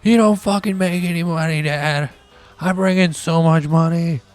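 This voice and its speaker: A man voicing a foul-mouthed seven-year-old kid drug dealer, yelling insults in a shrill, raised voice. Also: steady tone, moderate pace, faint music behind, lightly acted. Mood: screaming, contemptuous.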